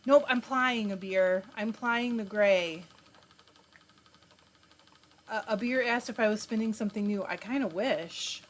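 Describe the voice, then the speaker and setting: Spinning yarn on her live stream, a woman chats easily, welcoming viewers by name and reading out what they comment. She has a mid-range voice, speaks unhurriedly with many pauses, and laughs a lot as she talks.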